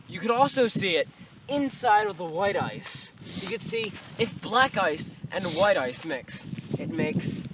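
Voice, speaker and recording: A young man playing a news reporter in a goofy, playful mock news report, recorded outdoors in the snow. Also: sits high. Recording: outdoor noise on a handheld camera.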